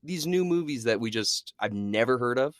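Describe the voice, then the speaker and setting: A man's voice: medium pitch, animated, moderate pace, no echo, studio quality. A young man co-hosting a podcast in casual chat, enthusiastic and laughing often. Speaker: podcast co-host.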